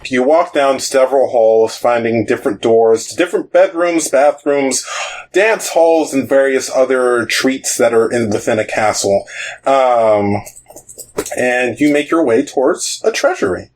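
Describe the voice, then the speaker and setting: A man's voice: medium pitch, measured pace, poor audio. Brief: laid-back male game master, loose narration. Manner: casual narration, chuckles and hedges.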